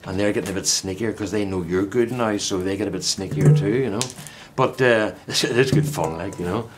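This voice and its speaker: Speaking a little fast in a lowish voice over a noisy background, an older gardening vlogger chats casually to camera from his vegetable plot. His talk is friendly and meandering, peppered with restarts and asides.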